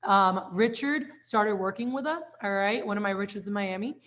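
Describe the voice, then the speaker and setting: A woman's voice: mid-range voice, normal speed, a bit bright. Upbeat chatty woman sales trainer. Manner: upbeat, chatty, lots of "like" and "all right?". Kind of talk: casual training talk.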